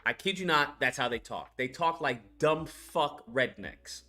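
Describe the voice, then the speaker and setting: A man's voice: mid-range voice, lively intonation, unhurried, pushed and bright, soft background music. A man casually recapping a movie in a rambling, crude rant full of fillers. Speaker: movie reviewer. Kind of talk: casual ranting film recap.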